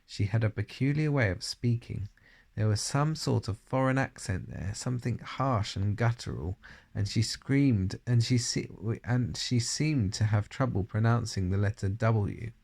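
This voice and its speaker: Gravelly-voiced man reading a story. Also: lowish voice, unhurried, darkish tone. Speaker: audiobook reader. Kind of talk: reading a children's novel aloud.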